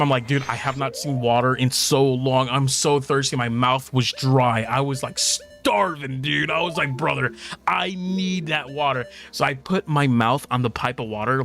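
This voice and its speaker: A man casually chatting while livestreaming a video game at home, swearing and telling stories with lively put-on quotes. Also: a little high. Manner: profane, animated storytelling with laughs and put-on quotes. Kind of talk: casual gameplay chat. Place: home apartment at night. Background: faint game music.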